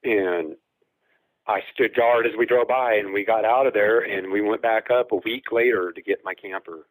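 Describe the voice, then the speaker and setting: A man's voice: lowish voice, normal speed, no room sound, poor audio. A man telling a long personal encounter story as a guest caller, rambling, with fillers and acted-out quotes.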